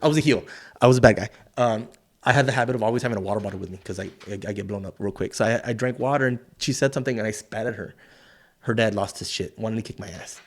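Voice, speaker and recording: Fast-talking and fairly low-voiced, this middle-aged South Texan is a wrestler trading stories on an interview show. The talk is casual and full of profanity, with lively impressions of the folks he's quoting.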